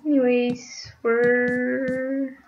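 A young woman who hosts a gaming channel talks casually over her gameplay in a high-pitched, monotone voice at a very slow pace, giggling and squealing now and then. Her mic sounds dull and lo-fi, with faint noise.

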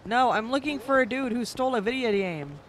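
Excitable, swearing male game streamer. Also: extremely high pitch, a little fast, a little hiss or hum. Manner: excitable, swears, shouts sound effects during fights. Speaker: streamer playing a video game. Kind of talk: casual game commentary.

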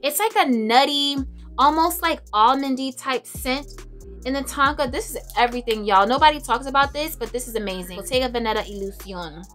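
Bright, chatty woman vlogger. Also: high voice, a little fast, soft background music. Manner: chatty, expressive, laughs often, dramatic asides. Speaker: beauty and fragrance vlogger. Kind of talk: casual chat to camera.

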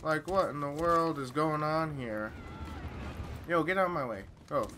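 A man giving live commentary while playing a shooter game, excitable and taunting the opponents as he plays. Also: on the high side, measured pace, background noise. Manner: trash-talking, excitable, talks to opponents. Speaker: gamer. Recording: loud game gunfire behind voice. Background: game gunfire and effects.

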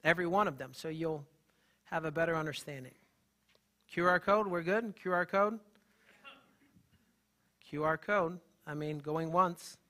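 A man, a holistic health practitioner, gives an animated, emphatic live talk and banters with the audience in the room. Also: a little high, measured pace, pauses often.

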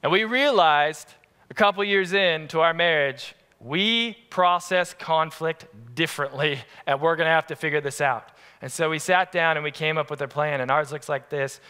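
A man preaching a sermon as pastor, telling family stories in an animated, lively way. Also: on the high side, normal speed, smooth. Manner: animated, acts out family scenes. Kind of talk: storytelling sermon. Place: church sanctuary. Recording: long church-hall reverb.

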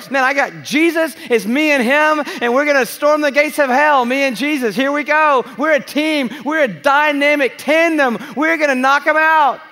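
His very high-pitched voice is bright and forceful as he delivers a sermon to a big conference crowd. The man stretches his words out with emphasis and slips in playful asides, all captured in a reverberant live hall.

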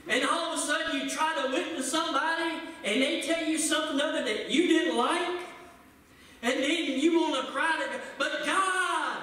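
A male pastor preaching a folksy sermon, swinging between loud shouted lines and low asides. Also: moderate pace. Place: church sanctuary. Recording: echoey church hall, distant mic.

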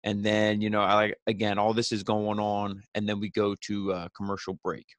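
A young man talks in a low voice, rambling through a recap with lots of fillers and casual swearing. The sound is dry and close, with no room around it. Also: completely flat delivery, moderate pace, no echo. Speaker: podcast host reviewing wrestling.

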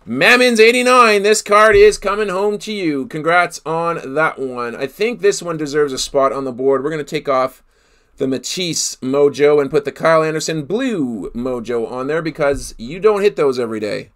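A man's voice: on the high side, expressive, normal speed, fairly bright tone. A man hosting a live card break, calling out each player he pulls and exclaiming over the big hits. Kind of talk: live card-opening commentary.

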